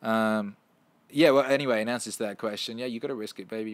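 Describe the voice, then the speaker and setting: A man, hosting a casual livestream and answering viewer questions in a profane, animated way, full of restarts. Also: fairly low pitch, fast.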